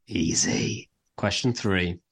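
A man with a somewhat low voice talks in a loose, rambling way on a casual podcast. He poses quiz questions with a playful, teasing edge. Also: slow, gravelly, slightly rough. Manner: chatty, rambling, quizmaster teasing. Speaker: podcast co-host. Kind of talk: casual chat, running a quiz.

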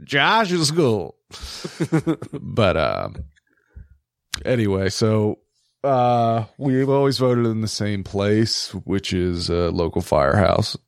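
A man's voice: lowish voice, slow pace, creaky, long pauses, no echo, studio quality. A man co-hosting a podcast, talking politics casually with lots of swearing and laughter. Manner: profane, animated, laughs often. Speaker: podcast co-host.

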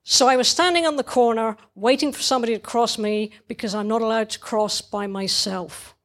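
A woman's voice: fairly high pitch, fairly even intonation, brisk, lightly acted. A woman reading aloud in the voice of a small, anxious, put-upon girl, her tone plaintive. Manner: plaintive, rising into upset. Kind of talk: reading a cartoon monologue aloud.

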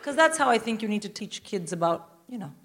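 A woman's voice: mid-range voice, fast. A middle-aged woman from India telling a comic story on stage, acting out the quotes and swearing freely. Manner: animated, swearing, acts out quotes. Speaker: guest comedian. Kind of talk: live stand-up storytelling. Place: live theatre stage with audience. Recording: loud noise from live venue.

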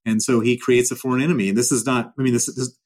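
A male interview guest explains his views at length, driving points home by repeating them. His voice sits at an ordinary middle pitch for a man. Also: flat delivery, rapid-fire, darkish tone. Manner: emphatic and repetitive.

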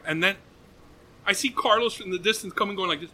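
A man chatting as a podcast guest, telling animated stories and laughing often. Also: sits high, fast talker. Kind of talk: casual podcast chat.

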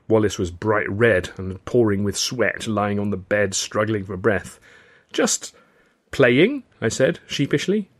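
Man reading his novel, wry and low. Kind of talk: first-person audiobook narration.

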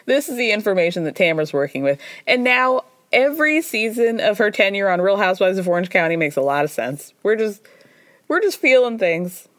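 A woman's voice: mid-range voice, no room sound, studio quality. A woman hosting a podcast, recapping reality TV in a chatty, gossipy, wry way, with frequent laughter. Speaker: podcast host. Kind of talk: casual reality-TV recap chat.

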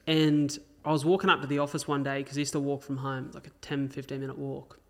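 A man's voice: mid-range voice, level tone, fast talker. An Australian man hosting a casual podcast, telling personal stories in an earnest, open way with some swearing. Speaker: podcast host. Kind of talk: casual chat.

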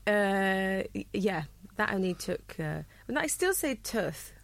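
Gravelly-voiced Welsh woman, chatty. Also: medium pitch, big pitch swings, measured pace, dry recording. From Wales. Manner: chatty, laughs often, trails off mid-sentence. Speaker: guest. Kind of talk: casual chat.

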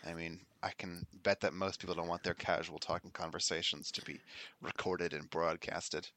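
A man's voice: low-pitched, little pitch movement, moderate pace, bright, forceful tone. A man running a tabletop game as game master, wry and self-deprecating, a bit sniffly from allergies.

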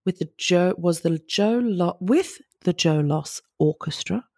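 Woman, podcast co-host, gravelly tone, dry close mic, chatty, jokey. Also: fairly low pitch, lively intonation, unhurried, a little mellow, no echo. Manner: chatty, laughs, breaks into jokey voices. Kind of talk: casual chat, reading history notes.

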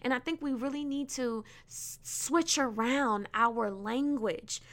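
A woman hosting a faith podcast, teaching earnestly and often checking in with listeners with a quick "right?". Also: high-pitched. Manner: restarts and repeats words, laughs lightly. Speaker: podcast host.

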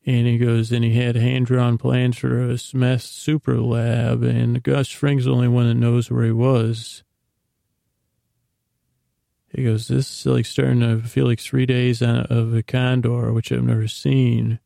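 A man's voice: mid-range voice, monotone, unhurried, gravelly, few pauses, mellow, no echo, clean studio sound. A man hosting a sleep podcast, casually rambling through a show recap with many fillers and restarts.

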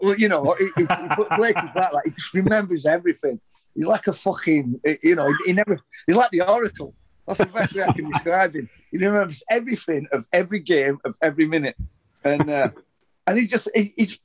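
A man's voice: sits high, slight background noise. Sweary rambling man telling stories. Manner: rambling, heavy swearing, frequent restarts. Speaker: former footballer guest. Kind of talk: casual anecdotal interview.

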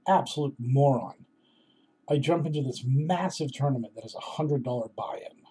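A man's voice: mid-range voice, dark tone, breathy edge. A man in his thirties telling a casual personal story in a wry, self-deprecating way.

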